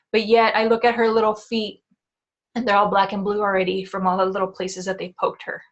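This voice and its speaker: A woman's voice: fairly high pitch, little pitch movement. A woman podcast host telling a candid personal story, with frequent restarts and asides of "like" and "right?". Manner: candid, quick restarts, often says "like" and "right?".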